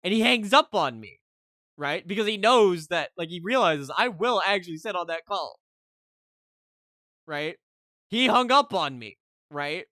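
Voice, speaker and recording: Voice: mid-range voice, expressive, a little slow, pauses often, pushed and bright, no room sound, studio quality. A streamer telling a story to chat in a heated, casual rant, keeping on asking "right?".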